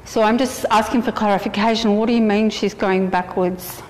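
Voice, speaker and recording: A woman's voice: medium pitch, fairly even intonation, normal speed, few pauses, a little mellow, long reverb tail, slight background noise. A woman giving a spiritual channeling reading, relaying messages in a rambling way with many fillers and breaking into chant-like syllables. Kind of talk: spoken channeling session.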